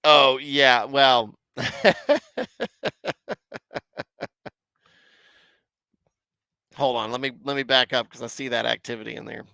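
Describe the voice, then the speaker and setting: Gravelly man hosting rambling scripture talk. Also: mid-range voice, steady tone, brisk, hardly any pauses, sharp tone, no echo. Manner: rambling, self-deprecating, chats with viewers. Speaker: Bible commentary livestream host. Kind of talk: casual scripture commentary.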